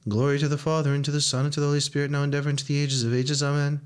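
A man with a smooth, resonant voice chants liturgical prayers. His delivery is solemn and measured, pitched a little high and held within a narrow melodic line. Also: monotone. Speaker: reader of prayers.

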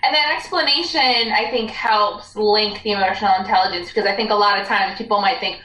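A woman's voice: mid-range voice, fairly quick, pushed and bright, roomy sound, distant mic, poor audio. A woman in casual conversation, thoughtfully explaining ideas as a co-host. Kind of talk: casual chat.

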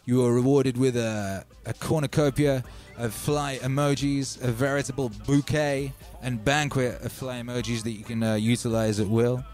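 A man hosting a live stream, chatting in a relaxed, rambling way and giving shout-outs to his viewers. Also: medium pitch, moderate pace, hardly any pauses, soft background music. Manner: laid-back and rambling, reading out chat shout-outs. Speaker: livestream host. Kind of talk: casual live-stream chat.

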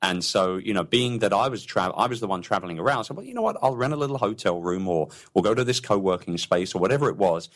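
A man's voice: lowish voice, very animated, fast, few pauses, a bit bright. A man talking about his business as a guest in an interview, chatty and enthusiastic, often repeating words as he starts a sentence. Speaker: podcast guest, entrepreneur. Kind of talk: casual interview talk.

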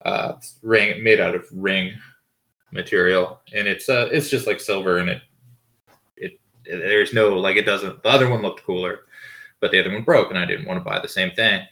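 A man's voice: sits low, steady tone, normal speed, pushed and bright. A man in his thirties hosting a podcast from home, telling rambling stories with lots of fillers and swearing. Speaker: podcast host. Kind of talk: casual storytelling monologue. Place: home with dogs barking nearby.

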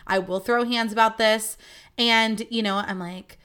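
A woman's voice: on the high side, steady tone, measured pace, a bit bright, smooth. A young woman hosting a podcast, telling stories in a chatty, profane, casual monologue. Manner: chatty, profane, acts out quoted voices. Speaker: podcast host.

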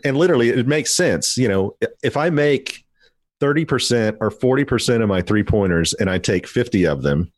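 A man's voice: mid-range voice, expressive, fairly quick. A man in a casual podcast chat, explaining things in a matter-of-fact way.

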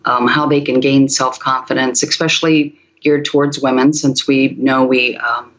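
A woman guest answering in a measured way with many pauses and fillers. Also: extremely low pitch, fairly even intonation, lo-fi sound. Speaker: podcast guest. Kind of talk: casual interview chat.

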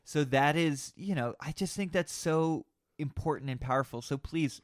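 A man's voice: a little high, normal speed, dry recording, studio quality. A man co-hosting a podcast, speaking earnestly and reassuringly, with some playful teasing, in casual conversation. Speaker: podcast co-host.

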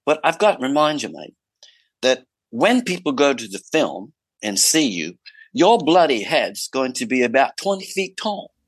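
A man's voice: medium pitch, big pitch swings, moderate pace, husky, no echo, pitched above the performer's own voice. A man voicing a brash male film director with an Australian accent, repeating himself emphatically and calling the listener mate. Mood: emphatic, chummy.

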